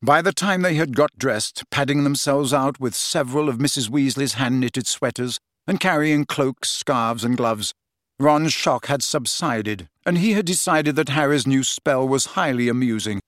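A man narrating a fantasy novel as an audiobook, with expressive storytelling. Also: mid-range voice, normal speed, dry recording, clean studio sound. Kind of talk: scripted narration.

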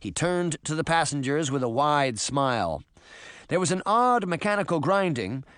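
A man narrating an audiobook in an expressive storytelling manner. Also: a little high, dry recording, clean studio sound. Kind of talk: scripted narration.

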